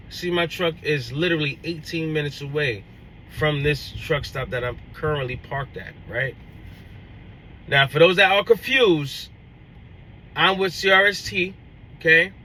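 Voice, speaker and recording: A young man with a bright, forceful voice that sits a little high for a man. He is telling a story in a casual vlog and acting out both sides of the dialogue as he goes. His delivery is animated and full of restarts. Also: rough recording. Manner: animated retelling, acts out dialogue, many restarts. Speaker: owner-operator truck driver.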